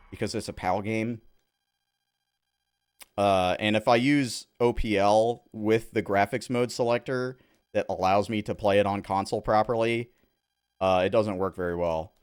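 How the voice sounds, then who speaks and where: A man's voice: on the low side, normal speed, clear, resonant tone. A man from Southern California giving casual gameplay commentary as a streamer, with laid-back, rambling asides.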